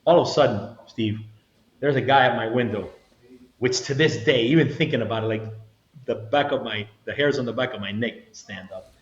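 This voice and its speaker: Middle-aged man, interview guest, animated storytelling, roomy echo, slightly dull sound. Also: medium pitch, a little fast, slight background noise. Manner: animated storyteller, acts out quotes, frequent restarts. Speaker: retired federal agent, interview guest.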